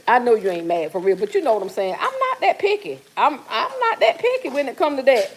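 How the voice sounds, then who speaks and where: A middle-aged livestream host cooks in her kitchen while reading viewer comments aloud and teasing them in an easygoing, talky way. Her voice is a little high and breathy, with big pitch swings, a slightly fast pace, and few pauses.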